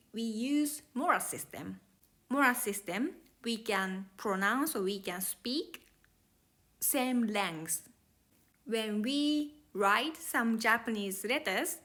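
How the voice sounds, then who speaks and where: A woman's voice: on the high side, sharp tone. A woman teaching Japanese grammar to learners, explaining each step carefully in plain, slightly non-native English.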